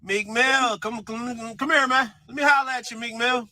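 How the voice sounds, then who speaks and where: Bright high-voiced man ranting. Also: animated, normal speed, few pauses, dry recording. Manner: teasing, addresses the subject directly. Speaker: commentator. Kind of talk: casual rant to camera.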